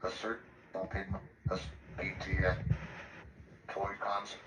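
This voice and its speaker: A low, synthetic male voice reads out menus and buttons. It plays through speakers into a roomy space. Loud noise sits behind it. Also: flat delivery, slow pace. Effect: robotic text-to-speech. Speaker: screen reader voice. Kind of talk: synthetic computer speech. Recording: roomy, noisy playback from speakers.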